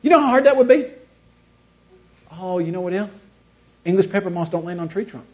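A man with a high, lively voice addresses a seminar crowd, firing off rhetorical questions and acting out little dialogues. The recording is dull and lo-fi. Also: a little fast. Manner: storytelling, acts out both sides of imagined dialogues. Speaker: creationist seminar speaker. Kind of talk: seminar talk to an audience.

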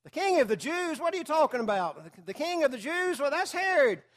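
A preacher voicing a mocking ancient neighbor who fires off incredulous questions. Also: male voice, very high-pitched, very animated, brisk, pitched above the performer's own voice. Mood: scoffing. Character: scoffing nosy neighbor man of ancient times.

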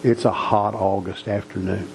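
A man's voice: lowish voice, flat delivery, moderate pace, creaky, background noise. A middle-aged man preaching, telling family stories in a folksy, earnest way. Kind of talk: sermon storytelling.

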